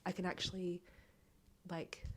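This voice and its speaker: A woman talking in a breathy, hoarse near-whisper on small clip-on microphones while she recovers from illness. She chats casually and rambles, laughing often, as a book vlogger. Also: fairly low pitch, little pitch movement, measured pace, fairly bright tone. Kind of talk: casual reading vlog chat.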